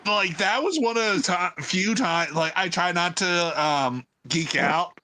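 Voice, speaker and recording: Lively high-voiced man with crowd behind. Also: a little slow, dry recording. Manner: animated, quotes himself with lifts in voice. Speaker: commentator on the show. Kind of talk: casual chat.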